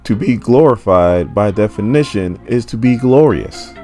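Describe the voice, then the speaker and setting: A man puts on a scheming male villain scientist for a comic-book retelling, smug and grandiose, with a mocking, theatrical lift above his very deep natural voice. The delivery savors every word. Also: moderate pace, dark tone, faint music behind. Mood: pompous.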